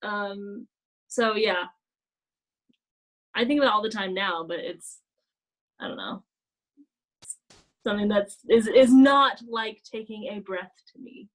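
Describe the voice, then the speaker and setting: A woman co-hosting a casual chat, talking in an animated way with many "like" fillers and acting out gasping apologies. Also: medium pitch, a little slow, pauses often, rough recording. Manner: frequent "like" fillers. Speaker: podcast co-host.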